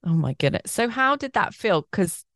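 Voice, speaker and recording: A woman hosting a podcast, asking gentle, probing follow-up questions. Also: mid-range voice, big pitch swings, moderate pace, no room sound, studio quality. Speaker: podcast host. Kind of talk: interview questions.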